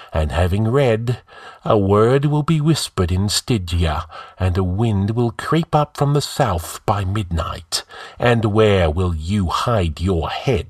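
A man's voice: fairly low pitch, no room sound, studio quality, pitched above the performer's own voice. A man voicing an arrogant, scheming male outlaw who gives orders in a commanding, scornful way.

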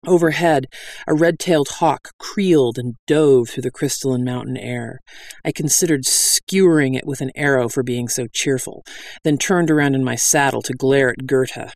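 A man's voice: medium pitch, moderate pace, no room sound. Man narrating a wry fantasy tale.

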